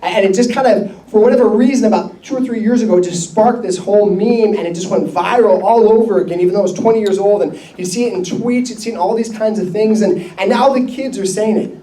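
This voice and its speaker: A man, a pastor, telling a story in a conversational, animated sermon with laughs. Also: sits high, fast, few pauses, slight background noise. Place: church hall. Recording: roomy echo, mic at a distance.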